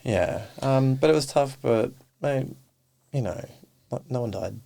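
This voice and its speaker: A man's voice: mid-range voice, a little slow, creaky. A man, a podcast guest, chatting casually and animatedly, acting out bits of dialogue as he tells his stories. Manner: animated storyteller who acts out quoted dialogue. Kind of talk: casual interview chat.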